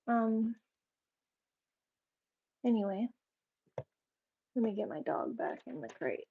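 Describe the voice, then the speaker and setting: A woman's voice: on the high side, expressive, slow, long pauses, husky, narrow, tinny audio. A woman vlogging at home, giving firm, repeated commands to her dogs between remarks to the camera. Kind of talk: casual home vlog. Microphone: camera set up in the room.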